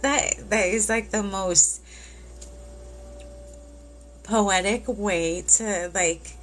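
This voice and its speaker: A woman doing a live tarot reading who speaks warmly and reassuringly and keeps tearing up. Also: medium pitch, drawn-out words, a little hiss or hum. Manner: emotional, tearful, reassuring. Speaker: tarot reader.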